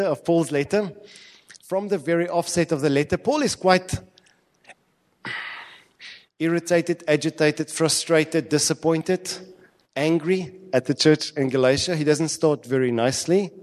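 A man's voice: fairly high pitch, normal speed, a little mellow. A male preacher giving a sermon in a conversational, emphatic way, asking many rhetorical questions. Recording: long hall reverb.

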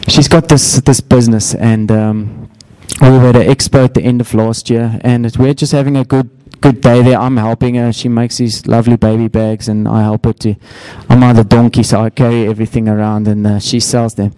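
A man's voice: little pitch movement, brisk, mellow, clean tone, dry recording, poor audio. A middle-aged man preaching a sermon, telling stories and acting out quotes in a raised voice. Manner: storytelling, acts out quotes with raised pitch. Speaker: pastor.

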